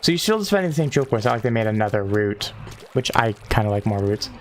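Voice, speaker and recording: Give me a man streaming a game, animated and cussing, with lively intonation. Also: lowish voice, fast talker, a little hiss or hum. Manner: animated, swearing, thinks aloud. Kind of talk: casual gaming stream chat.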